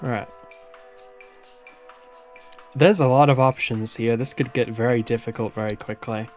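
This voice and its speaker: A man chats casually while he plays a game, thinking aloud and poking fun at himself. His pitch sits in the middle. Faint music plays behind him. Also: fairly even intonation, normal speed, a little mellow. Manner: thinking aloud, self-deprecating. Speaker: gamer playing a game. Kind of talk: casual gameplay commentary.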